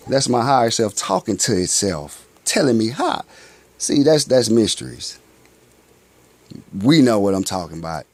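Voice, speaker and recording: A man giving a casual spiritual monologue in loose, slangy talk. He poses rhetorical questions and answers them himself, and drifts between loud bursts and low mutters. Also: sing-song, measured pace, long pauses. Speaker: spiritual vlogger.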